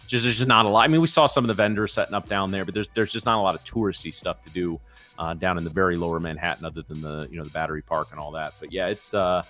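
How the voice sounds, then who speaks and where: A man's voice: low-pitched, a bit bright. A man hosting a live trading show, chatting casually and talking through market scenarios in a rambling way. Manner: rapid, rambling, lots of restarts and fillers. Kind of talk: casual chat and market talk.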